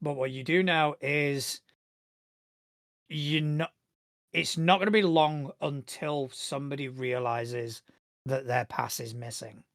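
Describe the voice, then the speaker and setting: A man's voice: mid-range voice, steady tone, slow, a bit bright, dry recording. A man narrating as game master of a tabletop game, describing scenes in a rambling, easygoing way with many fillers.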